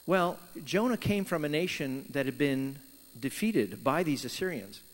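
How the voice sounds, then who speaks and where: Animated preacher man in a reverberant hall. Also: on the high side, a little slow. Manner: animated storytelling, voicing Jonah and God in quoted lines. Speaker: pastor. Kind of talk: sermon.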